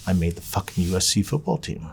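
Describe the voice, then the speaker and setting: A man in an interview, telling a story from his past in a lively, profane way and acting out the people he quotes. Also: low-pitched, quick pace, creaky, husky. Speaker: interview subject.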